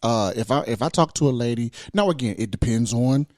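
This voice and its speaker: A man co-hosting a podcast in casual chat, animated, laughing often and repeating words as he starts a thought. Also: medium pitch, fairly quick, no echo, studio quality. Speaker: podcast co-host.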